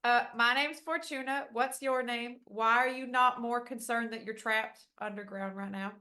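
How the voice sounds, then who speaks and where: A woman's voice: a little high, steady tone, moderate pace, pushed and bright. A woman playing her character in a tabletop game, talking bluntly and with amusement. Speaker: player.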